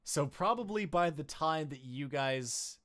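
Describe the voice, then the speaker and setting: A male game master talking casually about his tabletop campaign, his pitch swinging widely as he laughs at his own mistakes. He keeps things loose and self-mocking. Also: lively intonation, a little slow, fairly bright tone.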